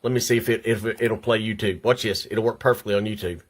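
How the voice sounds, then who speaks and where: Speaking fast in a lowish voice with fairly even intonation, an older vlogger rants angrily to his viewers from home. He sounds shaky and upset and keeps tripping over repeated words.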